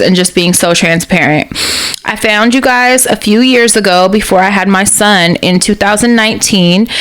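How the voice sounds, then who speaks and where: A woman's voice: medium pitch, a bit bright. Playful woman podcast co-host. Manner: playful, laughs often. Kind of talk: casual chat, reading a listener letter aloud.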